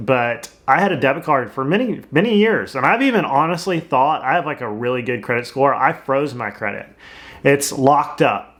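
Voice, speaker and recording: Middle-aged guy, blunt plain talk about money, mid-pitch. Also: a bit bright. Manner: plainspoken, advice-giving, blunt. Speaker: real estate agent and channel host. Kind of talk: casual talking-head commentary.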